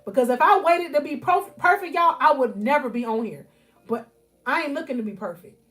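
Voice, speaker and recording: A woman's voice: high voice, lively intonation, a little fast, fairly bright tone. A woman life coach giving fervent motivational preaching on a live stream from home. She repeats her phrases and keeps calling out to her listeners as y'all. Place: at home, near her bed.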